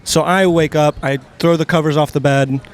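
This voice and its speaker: A man's voice: a little high, steady tone, normal speed. A man in his twenties, answering questions on a city street, talking earnestly and rambling with lots of fillers. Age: 20s. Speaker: interviewee. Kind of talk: casual street interview.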